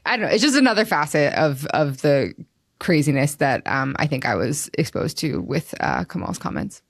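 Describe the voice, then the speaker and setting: A woman's voice: low voice, very animated, normal speed, gravelly, no room sound, clean studio sound. A young woman with a New Jersey accent, co-hosting a casual conversation, chatty with many fillers. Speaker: associate editor, co-host.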